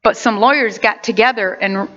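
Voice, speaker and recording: A woman preaching a sermon, impassioned and animated, with sudden loud outbursts. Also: mid-range voice, a little fast. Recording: dull lo-fi recording.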